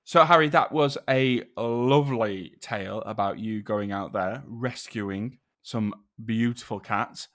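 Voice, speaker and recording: A man's voice: on the low side, unhurried, few pauses, a bit bright. Teasing man, dry banter. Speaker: podcast co-host. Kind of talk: casual podcast chat.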